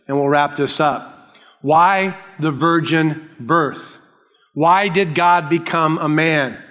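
Man, pastor, emphatic sermon delivery, very slow pace, reverberant church hall. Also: on the high side, a bit bright. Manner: slow, emphatic preaching with repeated phrases.

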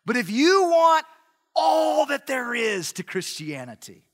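A man voicing pushy male religious teachers who pitch the law like a sales pitch, recorded with long hall reverb. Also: sing-song, slow pace, fairly bright tone, full character voice. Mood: wheedling pitch.

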